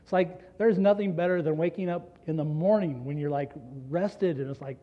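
Guy pastor preaching casual style, kinda high mellow voice, muffled lo-fi sound. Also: normal speed. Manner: earnest, rhetorical questions to the congregation. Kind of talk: conversational sermon. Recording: dull lo-fi recording.

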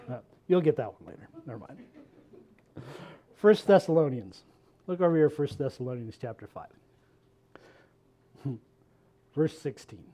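A man's voice: high-pitched, warm tone. A male pastor preaching a sermon in a conversational, joking way, laughing at himself now and then.

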